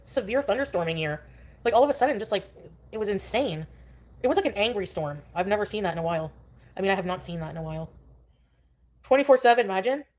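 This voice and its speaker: On a casual live stream, a woman talks quickly in a slightly mellow voice of medium pitch. Her talk rambles between subjects, and she frequently stops to welcome viewers in the chat.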